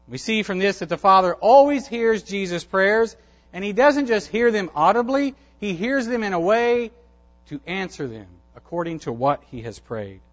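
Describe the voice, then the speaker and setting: High-pitched guy preaching, leans on repeated phrases, kinda muffled lo-fi sound. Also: expressive, moderate pace. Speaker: pastor. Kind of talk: sermon.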